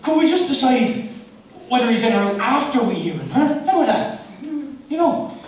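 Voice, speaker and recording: An actor playing an eager young band leader with an Irish accent, talking in a lively, coaxing way. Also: male voice, very high voice, moderate pace. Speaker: stage actor. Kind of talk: live stage play acting. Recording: echoey hall from far off, noisy.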